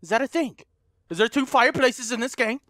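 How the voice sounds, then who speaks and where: A man's voice: very high-pitched, lively intonation, brisk, sharp tone, dry recording, clean studio sound. A man playing a horror game for viewers, talking to them as he goes, often panicking, screaming and swearing at the monsters. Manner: talks to viewers as guys. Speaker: gaming YouTuber. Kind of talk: let's play commentary.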